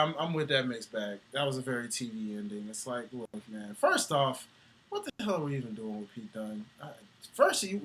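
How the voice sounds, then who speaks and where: A man co-hosting a casual wrestling talk show, animated and slangy, laughing often. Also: on the high side, husky. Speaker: podcast co-host.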